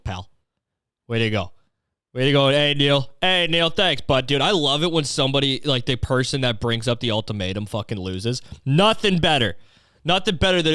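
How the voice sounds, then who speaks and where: A man's voice: mid-range voice, fairly bright tone, smooth, no echo, studio quality. A young man hosting a comedy podcast, ranting sarcastically with plenty of swearing. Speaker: podcast host. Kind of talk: solo comedic rant.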